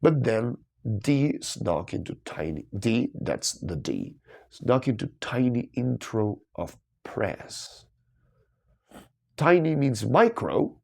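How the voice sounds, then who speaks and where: Gravelly man thinking aloud. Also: mid-range voice, big pitch swings, takes it slowly, a little mellow. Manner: musing, self-questioning, bursts of delight. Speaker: crossword solver. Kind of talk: thinking aloud while solving puzzles.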